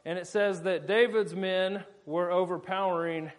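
A man preaching in a casual, jokey way, retelling a scripture story with quick voiced asides. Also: high-pitched, steady tone.

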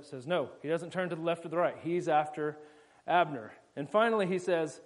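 A man preaching in a casual, jokey way, retelling a scripture story with quick voiced asides. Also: a little high.

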